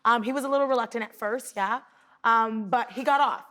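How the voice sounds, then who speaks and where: A woman telling her story as a talk show guest, excited and animated, acting out what people said, with many fillers. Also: on the high side, brisk. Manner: excited, acts out quotes, fillers and laughs. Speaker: guest passenger.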